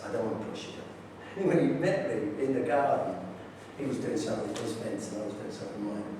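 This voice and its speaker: A man's voice: medium pitch, lively intonation, quick pace, noisy background. A man giving a conference talk, telling stories about his neighbours in an enthusiastic, direct way. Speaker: conference speaker. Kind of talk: preaching talk with anecdotes. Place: large echoey hall. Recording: echoey hall from far off.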